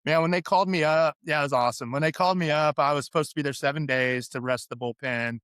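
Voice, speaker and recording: A middle-aged man from California, a podcast guest and former pro athlete, telling candid stories in an animated, chatty way. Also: a little high, fast talker, clean tone, no room sound, clean studio sound. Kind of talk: interview storytelling.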